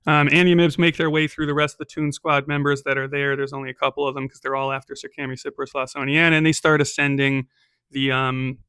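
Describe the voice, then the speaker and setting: A man's voice: mid-range voice, a bit bright, clean tone, dry recording, clean studio sound. A man narrating a solo tabletop game as game master, casual and chatty, peppering his telling with "right?" and "um".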